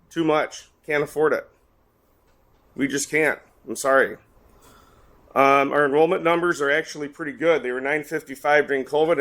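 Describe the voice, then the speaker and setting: A man speaks bluntly and quickly, his frustration plain as he makes a public comment. His voice sits in an ordinary middle range. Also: mid-range voice, fairly bright tone. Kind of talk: public comment at a board meeting.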